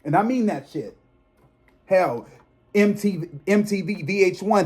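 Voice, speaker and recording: With a high-pitched, breathy voice, measured pace, and long pauses, a psychic tarot reader in his thirties chats casually with viewers on his video channel. He addresses them as y'all and turns animated, launching into emphatic rants laced with profanity.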